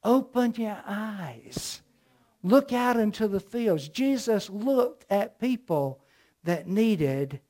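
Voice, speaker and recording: A man's voice: on the high side, darkish tone. A middle-aged man from the American South with a Southern accent, preaching a sermon with emphatic, storytelling delivery.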